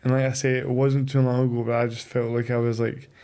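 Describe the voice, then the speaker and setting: Flat, mellow man hosting. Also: mid-range voice, fast, clear, resonant tone. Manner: hesitant, repeats words. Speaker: podcast host. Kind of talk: heartfelt casual chat.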